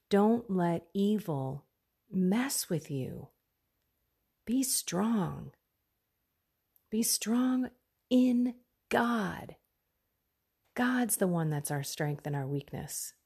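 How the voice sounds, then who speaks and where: A middle-aged woman hosting a faith podcast, giving an earnest pep talk that often drops into soft whispers. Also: lowish voice, husky. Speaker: podcast host.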